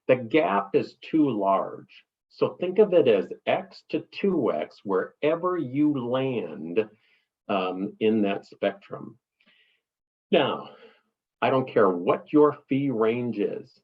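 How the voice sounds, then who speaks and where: A man's voice: mid-range voice, sing-song, slow pace, breathy edge, lo-fi sound. A middle-aged man, cohost of a business talk, teaching in an emphatic way and acting out client reactions. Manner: emphatic, repeats words for stress, acts out client voices. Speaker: cohost, speaking business coach.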